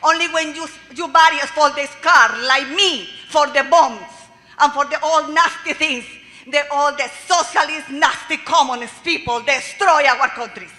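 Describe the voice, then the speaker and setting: A woman's voice: high-pitched, a little slow, pushed and bright. A woman from Colombia with a Colombian Spanish accent, a native Spanish speaker giving fervent public testimony in broken English. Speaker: public commenter. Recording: echoey hearing room with faint hiss.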